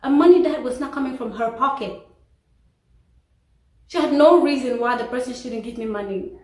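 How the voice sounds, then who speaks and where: A woman's voice: high voice, moderate pace, a little mellow. A woman vlogger candidly telling a personal story about a friend, emphatic and faith-filled. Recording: roomy echo, distant mic.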